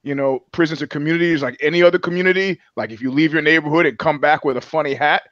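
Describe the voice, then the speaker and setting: A man riffs through a casual comedy podcast in a slightly higher-than-usual voice, rambling and swearing, tripping over restarts as he goes. The sound is dry and close, but dull and lo-fi. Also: steady tone, fast talker, fairly bright tone, no room sound. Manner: rambling, profane, full of restarts and put-on voices. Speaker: podcast co-host.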